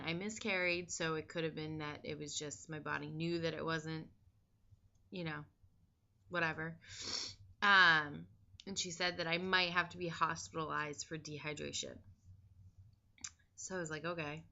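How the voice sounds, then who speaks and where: A woman vlogger chats candidly in a casual diary style, filling pauses with ums and likes. Her voice sits a little low but has a bright, forceful edge. The recording is dull and lo-fi. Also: little pitch movement, vocal fry. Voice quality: chatty, filler-heavy and candid.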